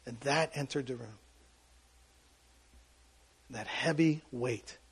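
Male pastor, sermon delivery, raspy and husky, emotional storyteller. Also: mid-range voice, slow. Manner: emotional storytelling with sudden loud bursts and quiet asides.

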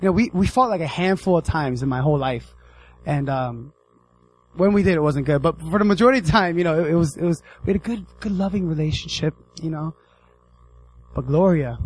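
A young American man giving a casual, animated sermon, acting out the characters in his story. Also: on the high side, a little hiss or hum, low-quality recording. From United States. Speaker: preacher.

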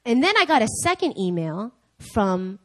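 Young woman preacher, lively storyteller who voices each person in her story. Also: a little high, normal speed. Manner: animated storytelling, acting out dialogue in different voices. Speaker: speaker. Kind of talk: sermon storytelling. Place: church.

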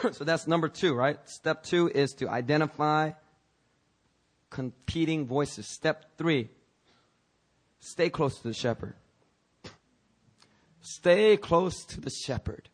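A pastor delivers a loose, conversational sermon full of jokey asides, restarted phrases and the occasional cough. His voice is a little high, and he speaks slowly with frequent pauses.

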